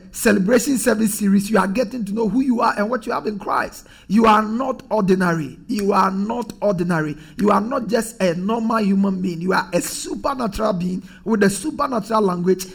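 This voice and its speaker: Male pastor, high gravelly voice, emphatic repetitive preaching style. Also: a bit bright. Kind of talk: sermon.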